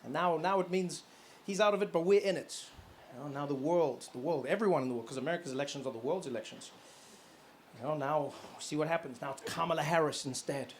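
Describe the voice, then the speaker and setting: A man performing a stand-up comedy set on stage, animated and full of acted voices and sound effects. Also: fairly high pitch, fast, slight background noise. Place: comedy stage before an audience.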